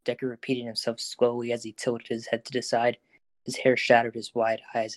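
Even-toned male storyteller. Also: medium pitch, fairly quick, no echo. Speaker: narrator. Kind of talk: scripted narration of a fan audio drama.

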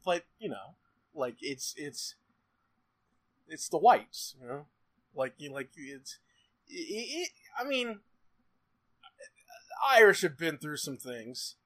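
A man's voice: on the high side, big pitch swings, slow pace, pauses often, a bit bright. A man co-hosting a podcast, rambling and joking with fillers and laughter. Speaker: podcast co-host. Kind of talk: casual podcast banter.

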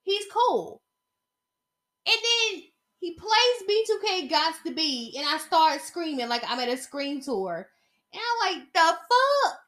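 A young woman hosting her own podcast, chatting casually and animatedly, getting excited as she tells stories. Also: very high-pitched, slow pace. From Atlanta area. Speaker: podcast host. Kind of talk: casual solo podcast chat.

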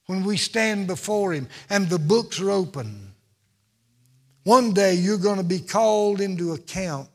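A man's voice: high voice, animated, unhurried, big-room sound. A man preaching a sermon from the pulpit, with an emphatic, repetitive cadence. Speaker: pastor.

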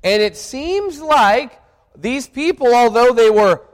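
A male pastor with a strikingly high voice delivers an earnest, reflective sermon. He often restarts and doubles back on his words. The voice rings out with a long hall reverb, as in a church sanctuary. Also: expressive, slow.

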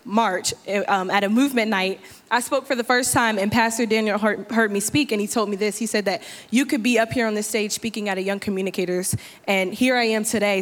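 A fifteen-year-old girl giving a sermon on a church stage, telling stories with lively acted asides and building to impassioned shouts. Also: mid-range voice. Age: 15 years old. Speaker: youth speaker. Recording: long church hall reverb.

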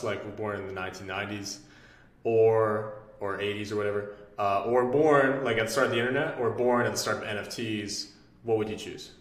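A young adult man hosting a podcast, asking loose, rambling questions in casual chat. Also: lowish voice. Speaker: podcast host. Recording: roomy echo.

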